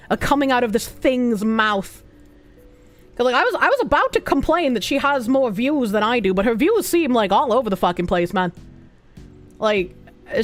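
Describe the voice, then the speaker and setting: A young woman with a Boston accent riffs through a live reaction stream in a high, bright-pitched voice. Her talk is crude, sarcastic and rambling, full of swearing and side jokes.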